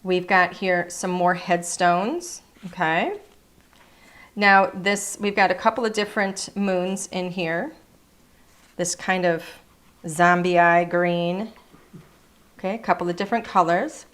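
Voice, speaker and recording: A woman's voice: on the low side, takes it slowly, a bit bright. A woman presenting craft products in a casual, chatty showcase, gushing over each item and sometimes hunting for words.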